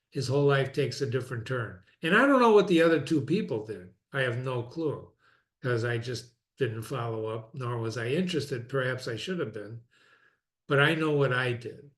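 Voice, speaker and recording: A man of ordinary, middle-range pitch reads a classic text aloud and stops often to reflect on it in a conversational way. He slows down deliberately over the quoted passages and repeats key phrases to stress them. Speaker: reader and teacher of classic philosophy. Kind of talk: reading aloud with personal commentary.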